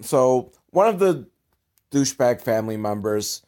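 A young man giving sarcastic, deadpan commentary on a film, exasperated and swearing, with sudden loud outbursts. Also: mid-range voice, measured pace. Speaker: host riffing on a film.

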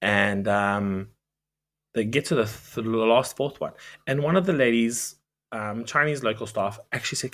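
A man co-hosting a podcast, telling a work story in a lively way, often stopping to correct himself. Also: mid-range voice, moderate pace. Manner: lively storytelling, self-interrupting. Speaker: podcast co-host. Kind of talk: casual chat.

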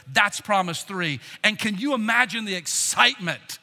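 Pastor, male, animated sermon delivery, high and very expressive, hall reverb. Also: moderate pace, vocal fry, few pauses. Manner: animated, dramatic preaching with acted quotes.

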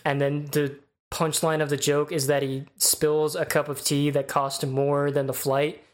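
A man's voice: fairly high pitch, level tone, unhurried. A man from the United States chatting casually on a podcast, telling stories with lots of fillers. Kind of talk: casual chat.

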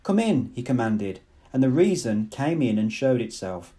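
Mellow-voiced man reading a novel. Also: mid-range voice, expressive, normal speed. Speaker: narrator.

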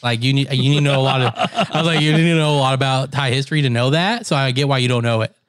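A young man telling a story in casual chat, animated, laughing and mimicking other voices. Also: medium pitch, fast talker, clean tone, no room sound, clean studio sound.

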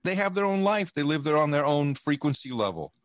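A man's voice: a little high, big pitch swings, fairly quick, dry recording. A man talking in a casual interview, rambling and emphatic, swearing often and restarting his sentences. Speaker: podcast guest. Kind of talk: casual conversation.

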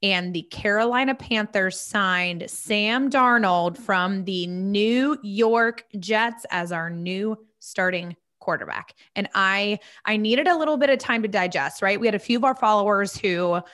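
A woman co-hosting a podcast in an easy, chatty way. Her pitch sits in the middle range, and she playfully stretches words out for emphasis as she tells her stories. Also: a little slow, few pauses, a bit bright. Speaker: podcast co-host. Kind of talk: casual chat.

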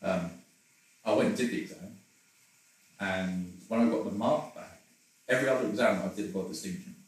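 Man, interview guest, rambling and self-deprecating, somewhat low voice, distant mic in a roomy space. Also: moderate pace. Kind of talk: candid personal conversation.

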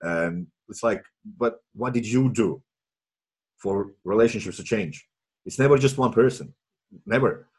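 A man speaking English as a second language in casual chat as a guest, earnest and halting, often restarting his phrases. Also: on the low side, husky. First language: not English.

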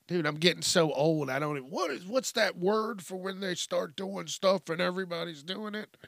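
A man's voice: high-pitched, moderate pace, vocal fry, a bit bright, no room sound, clean studio sound. A middle-aged man hosting a podcast, ranting in a profane, rambling way that keeps breaking off mid-sentence. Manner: profane, rambling, self-interrupting. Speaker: podcast host. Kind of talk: casual comedic news rant.

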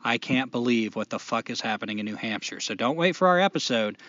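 Profane, animated male podcast host. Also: mid-range voice, fast talker, dry recording. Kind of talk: casual podcast chat. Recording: dull lo-fi podcast audio.

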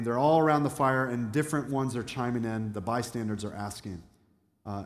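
A man preaching a sermon as a pastor, talking conversationally and asking the congregation questions. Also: a little high. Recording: echoey hall with long reverb.

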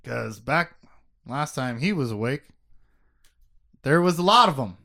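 A man's voice: mid-range voice, lively intonation, unhurried, vocal fry, pushed and bright. A man co-hosting a casual podcast, rambling and self-mocking, swearing freely as he recaps a story. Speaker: podcast co-host recapping a book.

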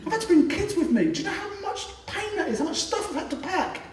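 A man voicing a worn-out father pleading to be let through, in a high-pitched, laughing, exasperated tone. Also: big pitch swings, fast talker, over a noisy crowd. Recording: echoey room, distant mic.

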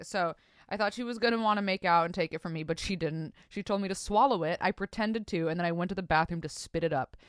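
A woman podcast host with a slightly low voice chats casually and swears freely while reading listener stories. She keeps breaking off into exaggerated, mock-disgusted reactions, crude and profane. The recording is dry and close.

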